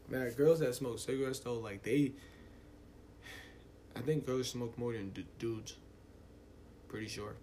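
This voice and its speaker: A man's voice: medium pitch, slow, long pauses, darkish tone, slight background noise. A young man, hosting a casual solo podcast and ranting in a loose, profane, rambling way. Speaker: podcast host.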